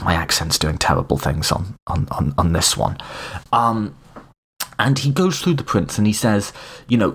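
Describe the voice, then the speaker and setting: A man's voice: lowish voice, husky. A man giving a casual spoken lecture on political philosophy, with frequent restarts and joking asides to his listeners. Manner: animated, self-correcting, informal asides.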